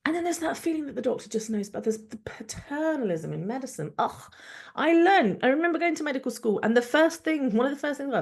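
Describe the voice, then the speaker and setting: A woman doctor hosting a podcast, speaking in a candid, reflective monologue, frank and expressive and thinking aloud with many restarts. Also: high voice, fast, gravelly. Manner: frank and expressive, with laughs and the odd swear.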